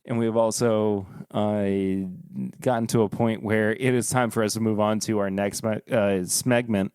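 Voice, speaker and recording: A man hosting a podcast in casual, joking chat, rambling and halting. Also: lowish voice, flat delivery, a little mellow, clear, resonant tone, dry recording, clean studio sound. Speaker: podcast host.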